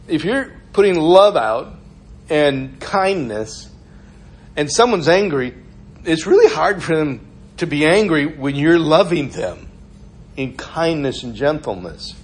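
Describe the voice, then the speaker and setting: A man's voice: on the high side, lively intonation, slow, husky. A man giving an informal sermon in a conversational, storytelling way, laughing often as he talks. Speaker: preacher.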